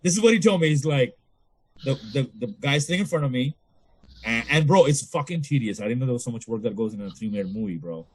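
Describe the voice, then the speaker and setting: A young man from the Toronto area casually telling a story on a podcast, swearing, laughing, and jumping into high voices at the punchlines. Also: expressive, fast, slight background noise. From Canada, Toronto area.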